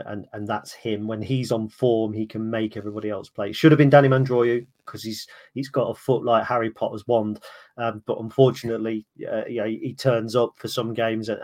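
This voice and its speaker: A man's voice: lowish voice, a little mellow. A man talking as a guest on a casual podcast, chatty and full of restarts. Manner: chatty, many restarts, laughs easily. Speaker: podcast guest, fan of the opposing club.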